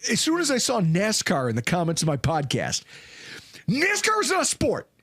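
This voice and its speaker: A man hosting a casual sports podcast, his voice sitting a touch high and jumping around a lot as he tells animated stories. The sound is dry and close, with no room in it. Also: normal speed, husky, no room sound. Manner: animated storyteller, swings pitch for emphasis and quotes. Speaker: podcast host.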